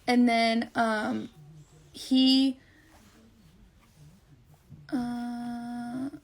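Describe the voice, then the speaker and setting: A woman's voice: on the high side, flat delivery, drawn-out words. A young woman telling her viewers a long personal story, blunt, rambling and swearing a lot. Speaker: livestreamer.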